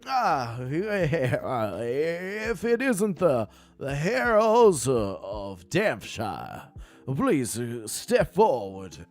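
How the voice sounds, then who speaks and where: An American man voicing a jittery, battle-hardened human king with a slow, drawn-out Southern drawl. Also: medium pitch, wildly swooping pitch, faint music behind, exaggerated voice. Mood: drawling, courtly.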